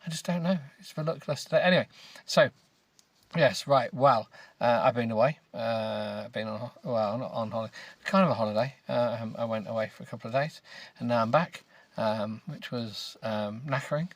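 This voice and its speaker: A British man hosting a comedy podcast, grumbling and rambling as he reads a book aloud with deadpan, self-mocking remarks. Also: medium pitch, moderate pace, dry recording. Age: adult with children. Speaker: podcast host.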